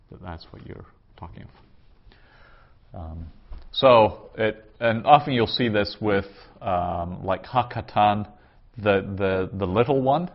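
A man teaching a Hebrew grammar class around a table, explaining patiently and sounding out words slowly. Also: sits low, dull audio.

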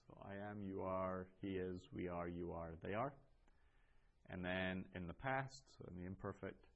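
A man teaching a language class, explaining patiently with pauses and restarts, reading phrases aloud. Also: sits low, steady tone, creaky, dull audio, slight background noise. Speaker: Greek teacher. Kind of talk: classroom lecture.

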